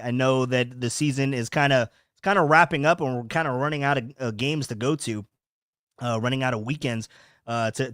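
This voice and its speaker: A man's voice: mid-range voice, fairly bright tone, clear, resonant tone, no room sound, clean studio sound. Rambling young man hosting a podcast. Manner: rambling, repeats words, reads chat comments aloud. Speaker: podcast host. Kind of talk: casual livestream chat. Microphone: home streaming setup.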